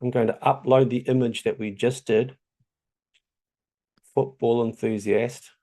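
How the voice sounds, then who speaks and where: With a New Zealand accent, a tutorial host walks through a casual screen-share lesson in a chatty, loose way, dropping lots of ums. His voice is mid-range, steady and mellow, at a measured pace.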